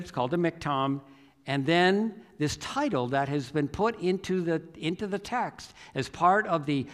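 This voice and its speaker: A man's voice: on the high side, a bit bright, in a large hall. A male pastor telling a Bible story in a reflective, conversational sermon, with self-deprecating asides.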